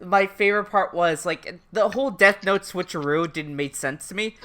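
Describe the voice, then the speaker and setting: A woman's voice: fairly low pitch, normal speed, fairly bright tone. A woman co-hosting a casual podcast, laughing and swearing as she talks. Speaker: podcast co-host. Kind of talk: casual chat.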